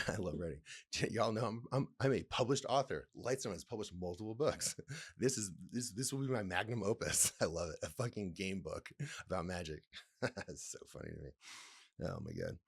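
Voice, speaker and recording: A male podcast host with a somewhat low voice talks on his own, reading a text aloud and riffing on it. He laughs a lot, swears casually and rambles in a playful way. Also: moderate pace, breathy edge. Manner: laughs often, swears, reads aloud and comments. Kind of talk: casual solo podcast talk.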